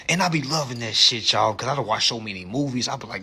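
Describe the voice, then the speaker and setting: Animated, foul-mouthed man on a livestream. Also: mid-range voice, fast talker, few pauses. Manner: animated, blunt, heavy swearing, laughs at own stories. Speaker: social media livestream host. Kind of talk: profane casual rant. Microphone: phone.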